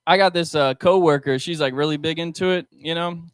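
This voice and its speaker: A young man doing a stand-up set with crowd work on a restaurant stage, talking haltingly with many ums and likes into a handheld mic. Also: a little high, clean tone, no room sound. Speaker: stand-up comedian.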